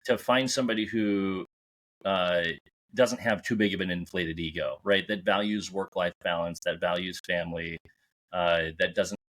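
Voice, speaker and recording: Deep-voiced man hosting a podcast. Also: fairly even intonation, normal speed, fairly bright tone. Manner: upbeat, encouraging advice-giving. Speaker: podcast host. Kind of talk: casual interview talk.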